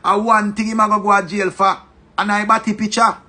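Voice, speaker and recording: Husky jamaican guy joking through his commentary, repeats himself, high voice. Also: brisk. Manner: animated, joking, repeats phrases. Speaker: social media commentator. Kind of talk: casual commentary.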